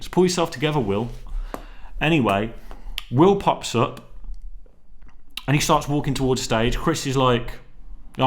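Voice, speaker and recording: A young man talking casually to camera, rambling and slangy, with lots of restarts and swearing. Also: on the high side. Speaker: vlogger. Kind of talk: casual solo vlog chat.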